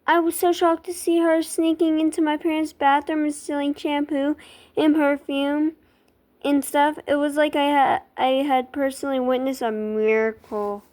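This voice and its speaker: A woman reading a children's book aloud in an expressive, dramatic way, with small stumbles. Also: sits high, moderate pace.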